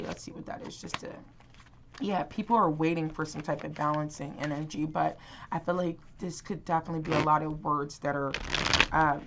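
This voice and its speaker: Low-voiced woman giving a rambling tarot reading. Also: muffled recording, heavy background noise. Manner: rambling, many fillers and restarts. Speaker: tarot reader. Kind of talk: casual tarot reading to camera.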